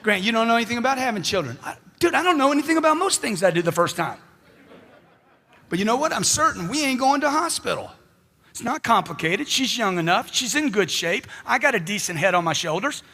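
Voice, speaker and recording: Man, motivational speaker, high voice, loud, punchy, rhetorical questions, handheld mic. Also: sing-song, fairly quick, gravelly, husky, in a large hall. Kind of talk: live motivational speech.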